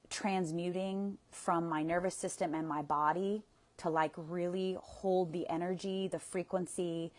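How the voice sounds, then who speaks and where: A woman with a lowish voice leads a guided tapping session. She takes her time over each prompt and lets out audible sighs between phrases, her tone gentle and soothing. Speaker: EFT tapping coach.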